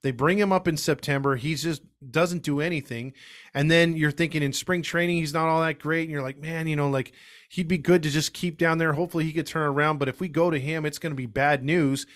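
A man's voice: a little high, fairly even intonation, a little fast, a bit bright. A man who is a guest co-host on a sports podcast, telling stories in a rambling, casual way. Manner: rambling, storytelling.

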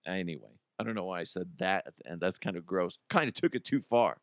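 A man's voice: sits low, quick pace, no room sound, clean studio sound. A man hosting a comedy podcast, rambling casually and laughing at his own jokes. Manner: rambling, self-laughing, animated. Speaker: podcast host.

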